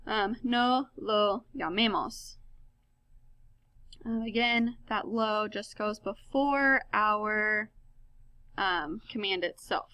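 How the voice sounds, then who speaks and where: A woman's voice: mid-range voice, slow pace, sharp tone, no room sound. A woman explaining grammar step by step in a recorded lesson, correcting herself with fillers as she goes. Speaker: Spanish teacher.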